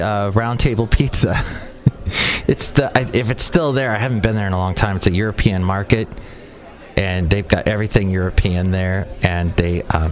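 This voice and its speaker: A man hosting his own comedy podcast, sarcastic and rambling, with a self-deprecating edge. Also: mid-range voice. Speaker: podcast host. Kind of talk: solo comedy podcast monologue.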